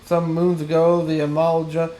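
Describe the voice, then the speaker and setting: A man's voice: a little high, monotone, moderate pace, mellow, roomy sound, lightly acted, low-quality recording. A man reading as a cowardly merchant posing as a priest. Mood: pleading.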